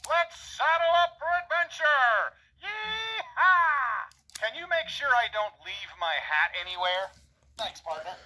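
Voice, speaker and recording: A man's voice: very high-pitched, very animated, unhurried, pushed and bright, exaggerated voice, rough recording. A man voicing a jolly cartoon cowboy toy in short voice box phrases, chipper and chuckling in a cowboy drawl.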